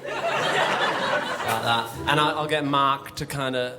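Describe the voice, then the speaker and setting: A man's voice: mid-range voice, normal speed. An Australian man on stage, hesitant and mock-earnest, with lots of ums before playing a song. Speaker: musical comedian. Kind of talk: stand-up patter before a song. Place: studio stage with audience. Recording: live show, crowd and music behind.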